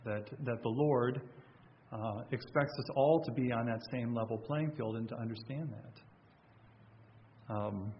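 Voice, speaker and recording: A man's voice: mid-range voice, measured pace, lo-fi sound, a little hiss or hum. A man preaching a sermon in a conversational way, often restarting and repeating words. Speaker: pastor.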